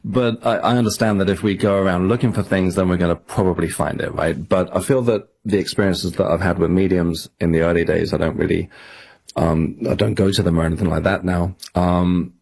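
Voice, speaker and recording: Deep husky Englishman, halting interview talk. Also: steady tone, darkish tone. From England. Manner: self-deprecating, halting with many restarts. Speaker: guest author. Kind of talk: casual radio interview.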